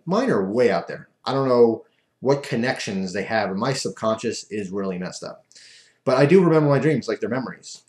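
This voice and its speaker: A man's voice: mid-range voice, a little mellow. A man casually telling a rambling, self-amused story as a vlogger, recorded in an echoey room.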